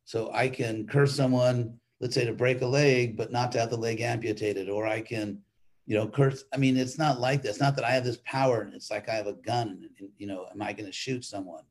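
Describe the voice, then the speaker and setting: A man's voice: mid-range voice, steady tone, fairly quick. An older man, a monk, giving an informal weekly class in a rambling, conversational way with frequent restarts.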